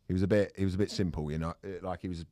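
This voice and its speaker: A man's voice: low-pitched, steady tone, racing, warm tone, dry recording. A man in casual podcast chat, telling a story with lots of swearing, restarts and fillers. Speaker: podcast host.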